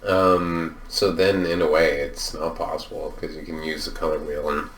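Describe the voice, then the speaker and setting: A man with an extremely deep voice, musing through questions in a dry, offhand way and swearing casually. The sound is roomy, with echo, and he sits back from the mic. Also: level tone, moderate pace, a bit bright, far from the mic. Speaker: podcast co-host. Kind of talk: casual chat.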